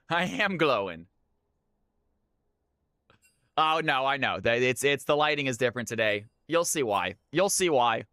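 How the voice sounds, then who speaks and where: A man hosts a live game stream with a bright, high voice and plenty of energy. He chats loosely with viewers and laughs often. The sound is close and dry. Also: dry recording. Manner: hyped, chatty, laughs often. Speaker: stream host and caster. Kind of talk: casual live-stream chat.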